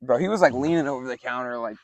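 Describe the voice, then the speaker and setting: A man's voice: mid-range voice, fast talker, no room sound. Laid-back young man with a drawl. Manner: animated, acts out other people's lines in raised voices; laid-back, says "like" and "dude" a lot. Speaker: podcast co-host. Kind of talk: casual storytelling.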